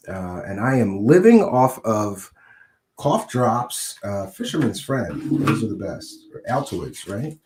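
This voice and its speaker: A middle-aged man hosting a podcast, hoarse and scratchy from a cold, talking casually with many fillers. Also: lowish voice, sing-song, takes it slowly, darkish tone, reverberant. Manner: conversational, with frequent uh and um fillers. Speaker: podcast host.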